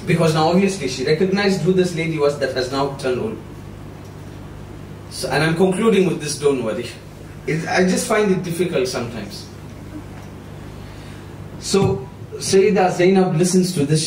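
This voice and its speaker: A moulana giving a sermon at a gathering, telling the story with emotion and drawn-out phrasing. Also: male voice, fairly high pitch, lively intonation, darkish tone. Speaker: moulana delivering a discourse. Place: prayer hall at a gathering. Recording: echoey hall, voice heard from a distance.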